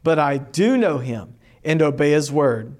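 A man teaching a class, reading a long scripture passage aloud slowly and deliberately, with emphatic rises on key lines. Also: fairly high pitch, animated, darkish tone.

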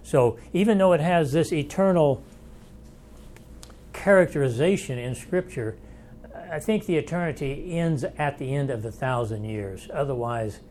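A man leading a Bible study, his voice sitting a little higher than most men's. He talks in a folksy, conversational way, working through ideas aloud and inviting questions from the class. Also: a little slow, a little mellow. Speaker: Bible teacher.

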